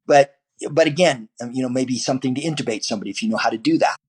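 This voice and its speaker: A man with a husky, slightly rough voice speaks as a guest on a podcast. He rambles casually, restarting sentences and leaning on fillers. His pitch sits in an ordinary middle range for a man. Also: very fast. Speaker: martial arts teacher.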